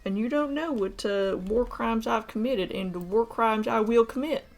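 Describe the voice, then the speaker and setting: A woman's voice: a little high, normal speed, soft background music, natural voice. Woman doing a crude old redneck uncle. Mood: stern. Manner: rambling, crude, deadpan bragging. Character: old retired male war-veteran uncle, gruff and folksy. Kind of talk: live-streamed model kit build, in character.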